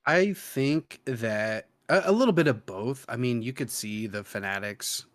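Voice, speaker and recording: A man's voice: medium pitch, a little slow, fairly bright tone. A man co-hosting a podcast in loose, rambling casual chat, full of fillers and restarts.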